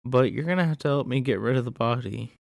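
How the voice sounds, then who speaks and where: A man's voice: medium pitch, quick pace, gravelly, no echo, clean studio sound, natural voice. A man voicing a manipulative young woman who sweetly blames her boyfriend. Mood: coaxing.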